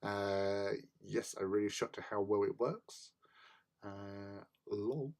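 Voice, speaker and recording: A man's voice: lowish voice, fairly even intonation, slow pace, a little mellow. Chatty man hosting a hobby stream. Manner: chatty, reads out and answers chat, jokey asides. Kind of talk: casual chat while building models.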